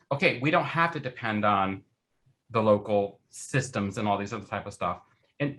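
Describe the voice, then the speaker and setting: A man's voice: lowish voice, bright, forceful tone. A man co-hosting a podcast over a video call, telling stories in an earnest, reflective way. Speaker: podcast co-host. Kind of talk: casual video-call conversation.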